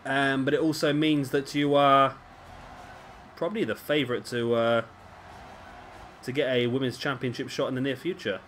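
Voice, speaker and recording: A man's voice: mid-range voice, little pitch movement, moderate pace, pauses often, fairly bright tone, slight background noise. A man giving casual, rambling commentary over a wrestling video game and often correcting himself. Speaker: gaming commentator.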